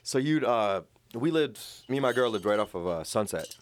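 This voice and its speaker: A man's voice: medium pitch, lively intonation, normal speed. A man from Rhode Island co-hosting a podcast, telling rambling, profane stories full of fillers in casual chat.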